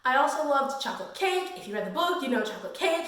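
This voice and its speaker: A woman giving a casual, gushing book review vlog, full of slang and fangirl excitement. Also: high-pitched, fast talker, few pauses. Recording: very echoey room.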